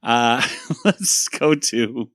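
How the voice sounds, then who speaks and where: A man's voice: mid-range voice, very slow, a bit bright, no echo, clean studio sound. A man hosting a podcast, reviewing a cartoon episode in rambling casual chat full of fillers. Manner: rambling, many fillers, laughs easily. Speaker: podcast host.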